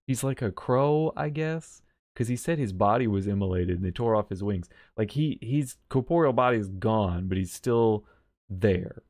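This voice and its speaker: Streamer, male, mid voice, dry close sound; quick rambling game commentary, lots of restarts. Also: mid-range voice, darkish tone, no room sound. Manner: rambling, quick, with many restarts and self-corrections. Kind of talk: casual game story commentary.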